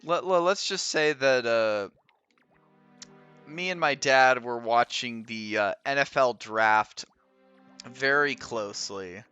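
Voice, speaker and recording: A man's voice: mid-range voice, slow pace, bright, forceful tone, clear, resonant tone, no echo, highs cut off, faint music behind. A young man with a Midwestern American accent chatting casually with viewers while streaming a game, laughing often and trailing off as he reads.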